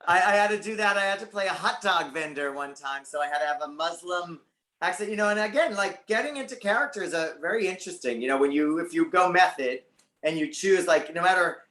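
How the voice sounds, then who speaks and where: A man's voice: high-pitched, a little fast, bright, forceful tone, echoey room. A man as a guest on a talk show, chatting casually and animatedly about his career. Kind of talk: casual interview chat.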